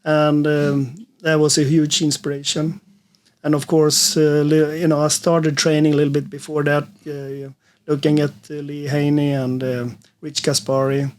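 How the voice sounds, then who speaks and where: Guy with a fairly high, flat voice, halting, lots of uhs. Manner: hesitant, many fillers. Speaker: podcast guest. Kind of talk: casual chat.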